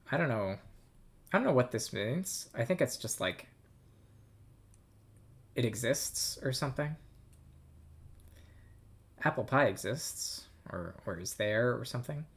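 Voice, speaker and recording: A man's voice: mid-range voice, expressive, unhurried, long pauses. A man casually reading through a text, thinking aloud in a hesitant, self-amused way. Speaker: language learner reading a game aloud.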